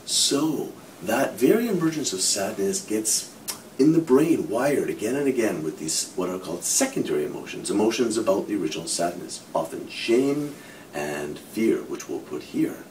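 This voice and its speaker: A middle-aged man, a psychologist, explaining ideas through imagined examples. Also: moderate pace. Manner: animated explaining with hypothetical examples, frequent "kind of". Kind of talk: explanatory talk to camera. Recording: from a distance, faint low rumble.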